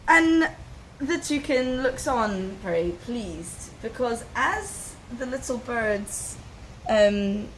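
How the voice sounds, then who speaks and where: A woman telling a folk tale live, relaxed and chatty with asides to her listeners. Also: fairly high pitch, slight background noise, rough recording. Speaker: storyteller. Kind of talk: live oral storytelling.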